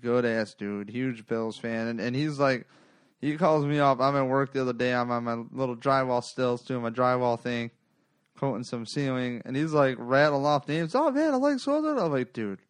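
A man hosting a sports podcast, talking in a rambling, profane, animated way. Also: medium pitch, moderate pace, clean tone, dry recording, clean studio sound. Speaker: podcast host. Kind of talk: casual sports podcast chat.

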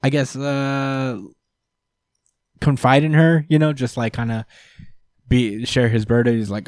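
A man talking through a comic issue in a relaxed, rambling way. His voice sits at a middle pitch and comes across close and dry, with almost no room sound. He drifts between fillers and quick asides. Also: no room sound. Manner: relaxed, rambling, acts out characters with put-on voices and laughs. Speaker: comic book podcast co-host. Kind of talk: casual chat recapping a comic.

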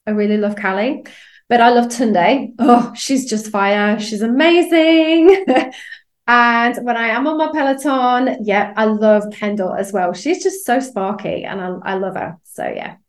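A woman's voice: medium pitch, unhurried, roomy sound. A middle-aged English woman with a bubbly manner, laughing often as she chats as a podcast guest. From England. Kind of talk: casual chat.

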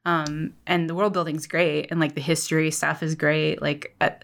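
A woman's voice: sits low, moderate pace, gravelly. Giggly young woman chatting casually. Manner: giggly, animated, lots of fillers. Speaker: podcast co-host. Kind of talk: casual chat.

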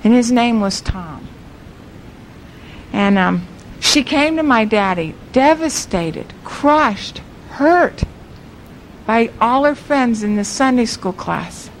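A woman preacher telling a story in a sermon, earnest and emphatic, slowing down on the key words. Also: on the high side, animated, a little hiss or hum, low-quality recording.

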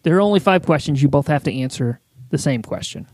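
A man hosting an improvised comedy quiz, asking questions with slow, drawn-out phrasing and chuckling between lines. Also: fairly high pitch, lively intonation, darkish tone, dry recording. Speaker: quiz host.

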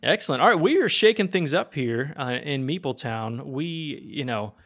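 A man's voice: medium pitch, animated, moderate pace, a bit bright. A man with a middle-range voice co-hosting a board game podcast. He talks in a loose, rambling way, restarting sentences and laughing along with his co-host. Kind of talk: casual chat.

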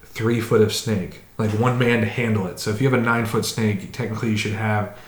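A man's voice: fairly low pitch, fairly even intonation, a little fast. A man telling a long, rambling story in casual chat as a podcast co-host, slipping into quoted voices now and then. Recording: roomy echo.

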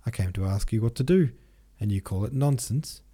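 A man reading an audiobook, voicing an excited, earnest young woman who pleads eagerly. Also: medium pitch, a little fast, slightly rough, pitched above the performer's own voice. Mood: indignant.

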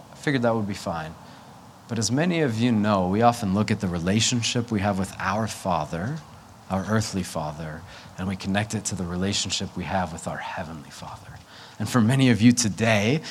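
A man's voice: lowish voice, fairly bright tone, a little hiss or hum. Man preaching through a candid family story. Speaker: pastor. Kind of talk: sermon with personal story.

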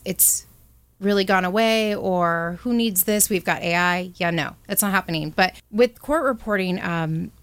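A woman's voice: mid-range voice, no echo. A woman speaking as a college representative in an interview, enthusiastic and upbeat. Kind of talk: promotional interview.

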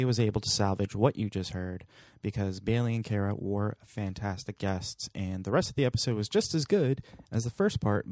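A man's voice: lowish voice, darkish tone, dry recording, studio quality. A man in his thirties hosting a podcast, talking casually with jokey, self-deprecating asides. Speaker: podcast host.

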